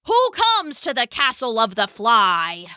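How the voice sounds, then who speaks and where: A woman's voice: a little high, huge pitch swings, takes it slowly, sharp tone, smooth, dry recording, clean studio sound, heavily acted. A woman voicing a grumpy, imperious male fly who rules a tiny castle, scoffing at visitors. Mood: haughty grumpy.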